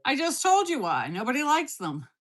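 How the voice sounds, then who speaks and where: A woman with a fairly high, bright voice hosts a casual cooking livestream from her home kitchen. She answers her viewers' comments one after another, blunt and playfully teasing, and her pitch swings widely as she talks. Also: huge pitch swings, moderate pace. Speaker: livestream host.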